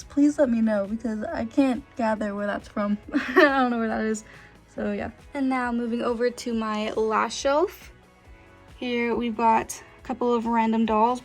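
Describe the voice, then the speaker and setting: A young woman vlogger chatting casually about her collection, gushing and full of filler words. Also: fairly high pitch. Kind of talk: casual show-and-tell chat.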